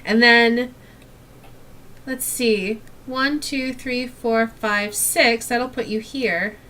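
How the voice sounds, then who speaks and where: Woman, game host, patient rules guide, bright slightly high voice, a bit distant from the mic. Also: steady tone, drawn-out words, slight background noise. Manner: patient, guiding, laughs often. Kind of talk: casual tabletop game play.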